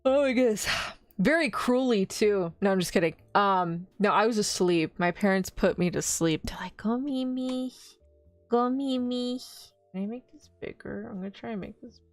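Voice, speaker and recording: A woman's voice: medium pitch, fairly quick, no room sound. A young adult woman streaming as a VTuber, chatting casually in a bubbly, rambling way, giggling and answering chat.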